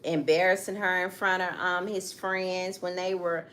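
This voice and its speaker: A woman's voice: lowish voice, little pitch movement, measured pace, fairly bright tone, a little hiss or hum. A middle-aged woman in casual conversation who tells the story with feeling and keeps turning aside to speak straight to her listeners. She talks as a co-host chatting with her partner. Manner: emphatic storytelling with direct asides. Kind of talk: casual chat.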